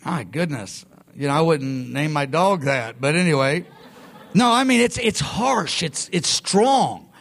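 Man, preacher, high-pitched voice, emphatic, self-interrupting sermon delivery. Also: lively intonation, a little slow, creaky, a bit bright. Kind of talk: sermon teaching.

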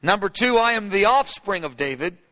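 A man's voice: high voice, lively intonation, moderate pace, bright, forceful tone. A man preaching a sermon from his notes, speaking emphatically and rising into fervent, repeated cries. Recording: long hall reverb.

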